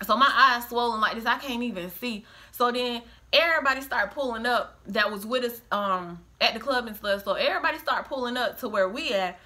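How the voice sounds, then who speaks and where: Woman, middle-aged, bright higher voice, lively casual storyteller who plays all the quotes. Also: fairly quick, hardly any pauses. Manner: animated, acts out quoted voices, breaks into laughter. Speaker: storyteller, the host's mother.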